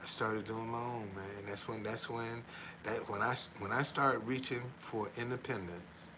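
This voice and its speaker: On a livestream with background noise, a middle-aged man speaks in a lowish, steady voice at normal speed. The tour guide and former van driver wanders and repeats himself, tags his lines with "man," and earnestly preaches about honesty.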